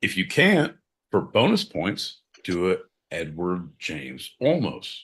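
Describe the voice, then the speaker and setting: A man's voice: sits low, huge pitch swings, slow, fairly bright tone. A man co-hosting a podcast in rowdy, profane casual chat, breaking into mock-announcer bits. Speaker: podcast co-host.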